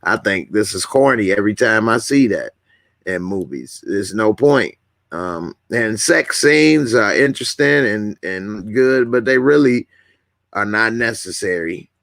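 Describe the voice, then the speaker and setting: A man's voice: lowish voice, expressive, measured pace, creaky, a bit bright, no echo, studio quality. Laid-back man hosting a live stream. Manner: casual, laughing, reads viewer comments. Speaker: YouTube host.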